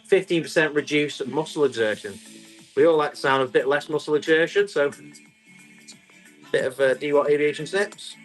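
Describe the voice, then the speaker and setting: A man, selling tools on a live stream, chatty and quick to describe each item and call out the bids. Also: a little high, soft background music. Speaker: live auction seller.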